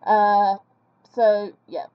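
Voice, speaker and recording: A woman's voice: medium pitch, level tone, very slow. A woman chatting casually as she draws on screen, self-deprecating and humming along while she works. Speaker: vlogger drawing on screen. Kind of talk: casual commentary while drawing. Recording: dull lo-fi recording.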